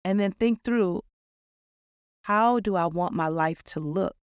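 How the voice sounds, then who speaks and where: A woman's voice: mid-range voice, takes it slowly, clear, resonant tone, dry recording, lo-fi sound. A woman hosting a reflective podcast monologue, talking in an earnest, upbeat storytelling way. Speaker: podcast host.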